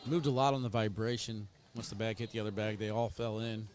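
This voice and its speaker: A man's voice: on the low side, steady tone, brisk, a little mellow, slight background noise. A man giving casual, chatty play-by-play commentary on a cornhole match, joking with his co-host.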